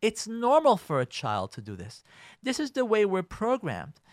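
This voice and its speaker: A high, bright male voice that swoops up and down as the rabbi acts out arguments between spouses. He drops Hebrew and Yiddish words into an animated radio lecture. The sound is close and dry, with no room around it. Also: moderate pace, no room sound.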